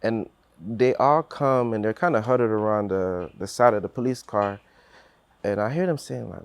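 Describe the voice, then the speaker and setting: Low-voiced man telling a personal story. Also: moderate pace, smooth. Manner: earnest storytelling, acts out quotes, many restarts.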